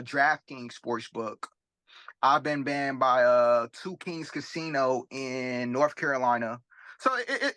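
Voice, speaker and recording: A young man from Florida tells his story as an interview guest. He is animated and profane, acts out the dialogue and keeps tossing in quick tag questions. His voice sits a little high and sounds bright and forceful, recorded close and dry. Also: dry recording. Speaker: rapper and sports bettor, guest.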